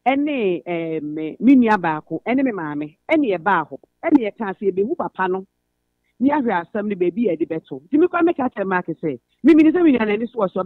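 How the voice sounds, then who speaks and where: A Ghanaian woman phoning in to a radio show, telling a long family story in an earnest, steady way. Her voice comes through a narrow, tinny telephone line. The sound is dry, with no room around it. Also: medium pitch, dry recording. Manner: earnest, recounting family troubles at length. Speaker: radio caller. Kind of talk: phone-in personal story, code-switching.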